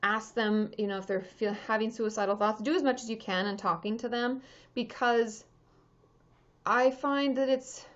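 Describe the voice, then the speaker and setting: A woman's voice: fairly high pitch, normal speed. Chatty woman therapist, lo-fi stream. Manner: chatty, scattered, many fillers and restarts. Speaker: therapist answering live chat. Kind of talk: casual livestream chat. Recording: dull lo-fi livestream audio.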